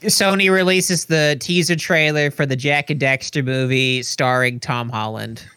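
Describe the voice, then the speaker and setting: A man co-hosting a comedy podcast, throwing in deadpan, absurd one-liners. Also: fairly high pitch, unhurried, smooth, no echo. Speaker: podcast co-host. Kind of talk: casual comedy podcast chat.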